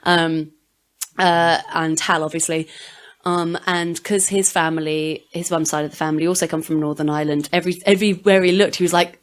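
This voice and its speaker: A woman's voice: fairly low pitch, fairly even intonation, fairly quick, clean tone. A woman co-hosting a podcast, recounting a trip in meandering casual chat full of fillers. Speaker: podcast co-host.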